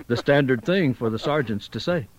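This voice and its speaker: A man's voice: mid-range voice, animated, moderate pace, slight background noise. Chatty older man from Tennessee. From Tennessee, USA. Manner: chatty, telling anecdotes, chuckling. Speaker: linguistics professor guest. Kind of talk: conversational talk.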